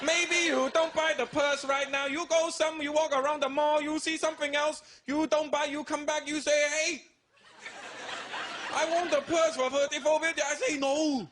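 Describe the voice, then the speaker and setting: A man voicing a pushy male shopkeeper who haggles in a slow, coaxing sales patter, on a live stage. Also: extremely high pitch, level tone, background noise, pitched above the performer's own voice. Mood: bargaining. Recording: live show with loud audience.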